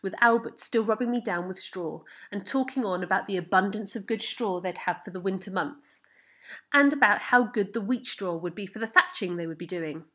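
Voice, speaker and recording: A woman calmly reading a novel aloud as the narrator. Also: mid-range voice. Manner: calm, measured narration. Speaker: reader. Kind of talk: storybook reading.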